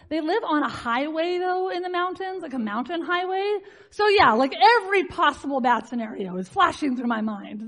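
A woman with a high, bright-toned voice tells a personal story to a live audience. She speaks in an animated, chatty way, scattering "like" through her sentences and laughing at herself as she goes.

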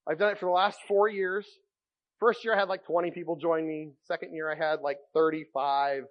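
Male pastor, high voice, animated sermon storytelling, muffled recording. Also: brisk. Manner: animated storytelling, wide swings from loud to hushed.

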